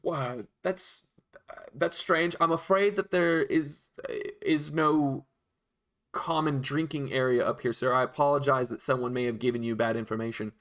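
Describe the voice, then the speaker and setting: A man's voice: medium pitch, normal speed, a bit bright, natural voice. A man doing a prim, stammering attendant. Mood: prim polite. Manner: formal, stammering politeness. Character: prim, polite male attendant turning stern.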